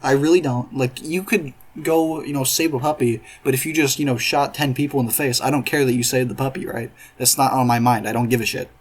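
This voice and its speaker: A man's voice: medium pitch, steady tone, a little fast, hardly any pauses. A man doing reaction commentary in a profane, sarcastic, exasperated rant. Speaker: commentary YouTuber.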